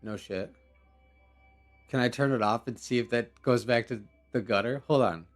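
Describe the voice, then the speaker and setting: A man's voice: mid-range voice, normal speed. A young man hosting a game live stream, talking casually with slang and laughing as he reacts. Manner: laid-back, laughing, rambling with slang. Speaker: livestream host. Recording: faint background music.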